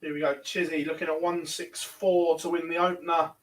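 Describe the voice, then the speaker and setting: Male darts commentator with a high-pitched voice, brisk and chatty, recorded a bit off-mic. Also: flat delivery, recorded from a distance. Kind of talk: live online sports commentary.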